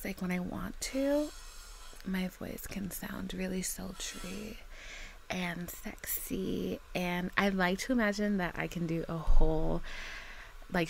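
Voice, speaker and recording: A young woman rambles to her camera in easy casual chat, her lowish voice full of gravelly fry. She talks straight to her viewers like a close friend, with a faint hiss of noise in the background. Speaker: vlogger. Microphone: camera mic.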